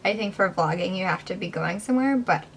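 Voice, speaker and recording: A woman's voice: medium pitch, animated, quick pace, breathy edge, low-quality recording. A young woman chatting in a casual home vlog, rambling and self-deprecating, sometimes dropping to a whisper. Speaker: vlogger. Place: indoors at home.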